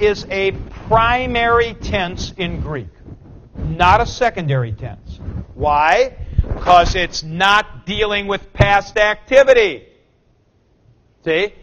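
Male teacher, high voice, slow deliberate lecture delivery, dull lo-fi classroom recording. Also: pushed and bright, slight background noise. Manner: explains patiently, recites forms, corrects himself aloud. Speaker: Greek teacher.

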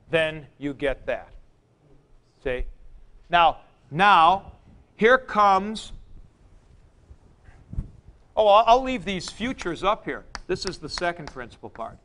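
A man teaching a classroom lecture, explaining deliberately with frank asides to his students. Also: sits high, a bit bright. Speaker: Greek teacher.

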